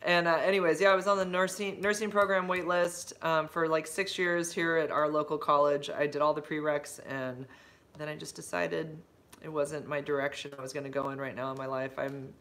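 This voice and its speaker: A woman talks into her phone on a casual livestream, drifting between stories and viewer comments. She rambles, loses her thread, and fills the gaps with ums and likes. When something delights her, her voice leaps up in bright, gushing bursts. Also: sits low, brisk. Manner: rambling and chatty, full of fillers and side-tracks; effusive, with big bright jumps when excited. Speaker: livestreaming vlogger and substitute teacher.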